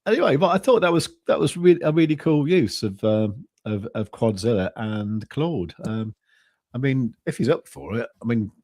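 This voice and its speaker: A man chatting casually as co-host of a crypto trading stream, rambling and halting, with many restarts and fillers. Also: medium pitch, lively intonation, a little mellow, no echo, studio quality. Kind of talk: casual chat.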